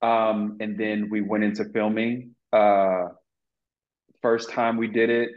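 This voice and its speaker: A man's voice: fairly low pitch, little pitch movement, slow. A man being interviewed as an actor, earnestly telling stories from set, with many fillers and restarts. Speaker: actor guest. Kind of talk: casual interview storytelling. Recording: lo-fi muffled audio.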